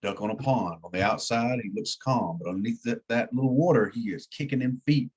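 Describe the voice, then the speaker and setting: A man's voice: medium pitch, a little fast, a little mellow, slightly rough, highs cut off. A man teaching an EMT class in a plain-spoken way, repeating key words for emphasis. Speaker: EMT instructor. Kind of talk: classroom lecture.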